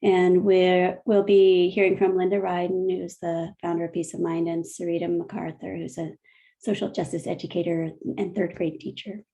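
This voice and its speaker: A woman speaks on an online meeting in a warm, appreciative way, her voice gravelly and mellow. Her pitch stays flat and even as she describes an upcoming event. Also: moderate pace. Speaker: community organizer.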